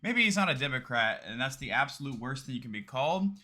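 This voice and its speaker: A man's voice: mid-range voice, big pitch swings, quick pace, bright, forceful tone. Blunt, mocking man doing reaction commentary. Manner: blunt, mocking, talks with slang and laughs. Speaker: commentator reacting to a debate clip.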